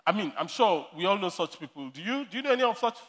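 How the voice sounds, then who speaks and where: High-voiced man preaching in a reverberant hall. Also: very animated, fast talker, fairly bright tone. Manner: storytelling with laughter, repeats key lines. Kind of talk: sermon.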